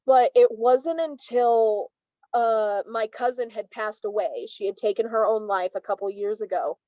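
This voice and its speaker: A woman in her twenties, a tarot reader, telling stories as an interview guest in a chatty, animated way with many "like" fillers. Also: on the high side, unhurried, dry recording, dull audio. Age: 20s. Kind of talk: casual interview storytelling.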